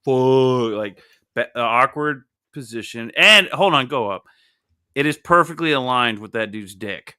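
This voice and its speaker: A young adult man hosting a casual comic book review, animated, joking and swearing freely. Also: mid-range voice, measured pace, clean tone. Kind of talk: casual podcast chat.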